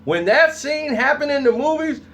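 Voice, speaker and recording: Animated man vlogging, bright voice. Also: extremely high pitch, normal speed. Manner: animated storytelling, acts out reactions. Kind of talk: casual commentary.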